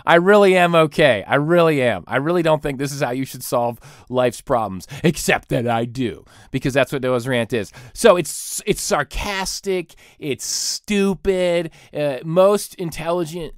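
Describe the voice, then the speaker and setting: Male podcast host, 30s, comic rant, lively pitch swings, dry close sound. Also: dry recording. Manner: animated, self-mocking, sarcastic. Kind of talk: comedic rant.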